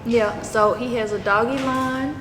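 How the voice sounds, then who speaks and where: A woman's voice: a little high, steady tone, a little slow, background noise. A woman, chatting expressively to her viewers in a casual vlog. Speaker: vlogger.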